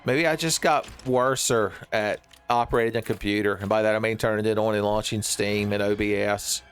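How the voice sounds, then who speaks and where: A man's voice: fairly low pitch, steady tone, a little fast, clear, resonant tone, soft background music. A man giving joking, rambling commentary while he plays a horror game, often laughing at his own jokes. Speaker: streamer playing a horror game.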